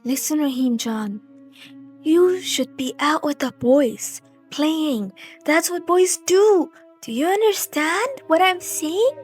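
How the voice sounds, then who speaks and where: A woman voicing a stern but fond mother who scolds her child at home in a high, insistent voice. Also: expressive, takes it slowly, soft background music.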